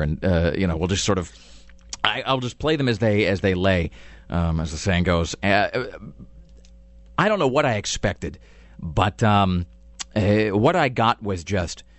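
A man's voice: on the low side, no echo. A man hosting a podcast in casual chat, rambling and self-deprecating, with lots of fillers. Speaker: podcast host.

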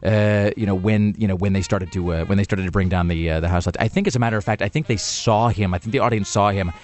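A man's voice: on the low side, fast. A male radio host telling a casual story on air in a studio, rambling with many restarts and fillers.

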